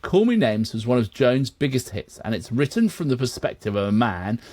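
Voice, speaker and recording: A man's voice: medium pitch, big pitch swings, a little fast, warm tone, dry recording. A man co-hosting, chatting casually and reading from notes, often laughing and steering the talk back on track. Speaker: co-host of a music reaction channel.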